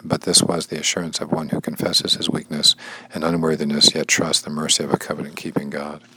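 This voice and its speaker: Very low-voiced man reading and explaining. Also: monotone, fairly quick, pushed and bright, slightly rough, rough recording. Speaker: bible study teacher and language learner. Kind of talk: reading a devotional text aloud and explaining it.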